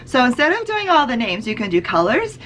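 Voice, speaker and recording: High-pitched lady teacher just chatting about her kid songs, um and like, faint hiss behind. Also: very animated, a little fast, a bit bright. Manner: breaks into high, sing-song teacher voice with gasps; casual, chatty, with fillers. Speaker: online preschool teacher. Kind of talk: explaining and demonstrating circle-time songs.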